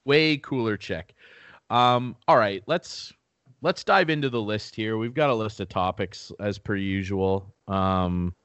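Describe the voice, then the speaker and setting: A man's voice: fairly low pitch, unhurried, a bit bright, clear, resonant tone, no room sound. A young man from Canada co-hosting a podcast, ranting in casual chat and swearing freely. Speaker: podcast co-host.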